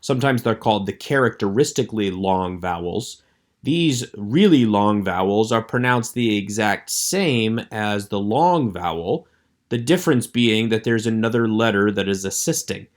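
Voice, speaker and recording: Low-voiced man teaching Hebrew vowels. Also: lively intonation. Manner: measured, explanatory, slows to model vowel sounds. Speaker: Hebrew instructor. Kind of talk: recorded lecture.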